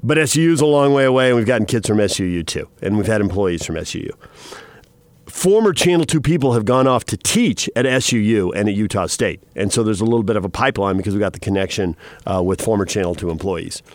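A middle-aged man hosting a radio talk show, telling chatty stories in a casual, animated way. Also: on the low side, fast, no echo. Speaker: radio host.

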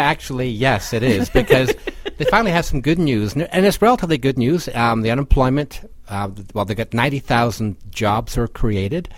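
A man on a podcast panel in casual chat, relaxed and teasing, explaining figures. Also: medium pitch, dry recording. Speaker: political columnist.

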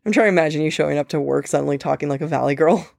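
A woman co-hosting a podcast, talking casually about a book, animated and laughing often. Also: low voice, rapid-fire, vocal fry, no echo, studio quality. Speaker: podcast co-host. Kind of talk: casual book-discussion chat.

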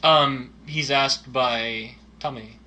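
A man's voice: mid-range voice, fairly even intonation, slow, bright, forceful tone, a little hiss or hum. A man in casual chat reviewing a movie, dry and teasing, with blunt verdicts.

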